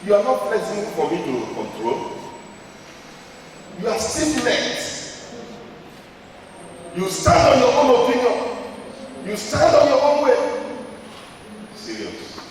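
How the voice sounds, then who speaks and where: A man's voice: high voice, wildly swooping pitch, takes it slowly, pauses often, slight background noise. A man with a Nigerian Igbo accent preaching a sermon, emphatic and repetitive, questioning the congregation and slipping into Igbo and Pidgin. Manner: emphatic, repeats phrases, asks the congregation questions. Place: large church hall. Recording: echoey church hall, voice from far off.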